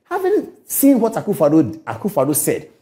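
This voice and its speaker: Middle-aged guy ranting on a tv show, mellow voice but swings all over, lots of rhetorical questions. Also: fairly high pitch, normal speed. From Ghana. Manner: emphatic, rhetorical questions, lively delivery. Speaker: TV talk show host. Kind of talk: political commentary.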